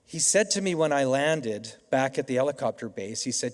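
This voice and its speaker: A man's voice: medium pitch, animated, moderate pace, few pauses. Middle-aged canadian guy giving a grad speech, chatty storyteller, lots of restarts, big echoey hall. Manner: storytelling, conversational with frequent restarts. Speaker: keynote speaker. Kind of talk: convocation speech. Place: large hall. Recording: reverberant hall.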